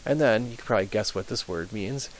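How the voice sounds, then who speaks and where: A young adult man teaching a high school Latin pronunciation lesson, patiently repeating words slowly with frequent ums. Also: a little hiss or hum, rough recording.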